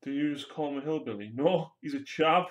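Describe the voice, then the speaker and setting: A man's voice: a little high, brisk. A young man, chatting casually and joking while he paints miniatures on a live stream. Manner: joking, rambling, swears casually.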